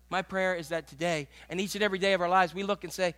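A man's voice: sits high, steady tone, fast talker, hardly any pauses, a bit bright. A man pastor preaching an earnest, conversational sermon.

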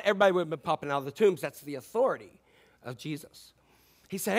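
A man's voice: high-pitched, animated, fast talker. A pastor preaching a sermon in a chatty, joking way, asking his congregation questions and acting out scripture. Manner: conversational and joking, quizzes the congregation; acts out scripture quotes in playful voices.

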